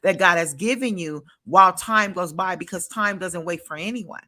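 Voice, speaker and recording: A woman's voice: on the low side, moderate pace, sharp tone. A woman host on a faith-based podcast, preaching emphatically and repeating phrases for effect over a video call. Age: adult, a parent.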